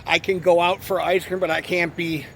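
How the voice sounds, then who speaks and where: Guy ranting a long story outside, swears a lot, kinda high voice, traffic noise all around. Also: level tone, moderate pace, creaky, a bit bright. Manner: profane, rambling, repeats "you know what I mean". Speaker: vlogger. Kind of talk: rambling storytime vlog. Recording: outdoor noise behind voice.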